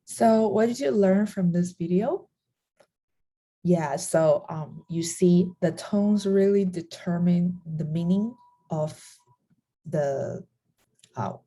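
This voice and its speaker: A woman's voice: fairly low pitch, mellow, slight background noise. A young adult woman, a native Chinese speaker, teaching a beginner lesson on tones and voicing each tone to demonstrate it. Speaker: language teacher.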